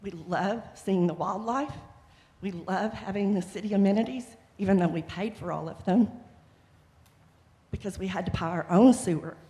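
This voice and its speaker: A woman's voice: medium pitch, normal speed, warm tone. A middle-aged woman making an impassioned, pleading public comment at a city council meeting. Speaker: resident speaking at public comment. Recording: reverberant council chamber.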